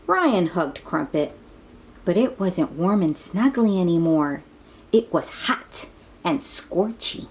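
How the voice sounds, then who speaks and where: A woman reads a storybook aloud for small children, taking her time over each line. Her voice swoops up and down with lively, exclamatory expression, and she keeps breaking off to chat warmly with her young listeners. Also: fairly low pitch, slow pace. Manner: animated, exclamatory, chatty asides to young listeners. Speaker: children's book reader.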